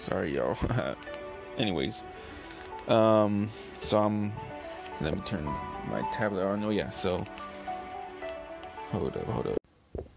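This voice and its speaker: A man casually reviewing a comic chapter, relaxed and rambling with lots of fillers. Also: lowish voice, takes it slowly, vocal fry, pauses often, music in the background.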